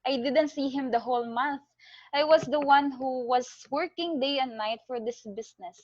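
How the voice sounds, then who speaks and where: A woman's voice: high-pitched, normal speed, no room sound. A woman voicing a humble pleading beggar man. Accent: Filipino. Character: poor pleading male beggar turned businessman. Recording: dull lo-fi dry recording.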